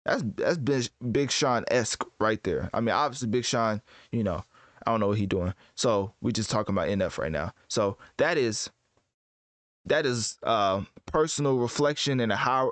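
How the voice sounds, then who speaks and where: A man giving casual commentary as host, rambling and correcting himself in relaxed slang. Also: mid-range voice, no room sound. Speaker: host ranking rappers.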